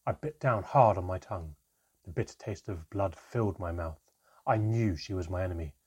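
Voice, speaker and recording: A man reads a first-person fantasy storybook aloud in a measured, expressive way. His voice sits low with a husky texture. He narrates steadily and colors the tense moments.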